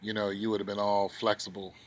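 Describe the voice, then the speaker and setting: A man's voice: fairly low pitch, completely flat delivery, brisk, a little hiss or hum, pitched below the performer's own voice, close to an everyday voice. A man voicing a defensive male police officer making excuses, in a mocking, sarcastic way.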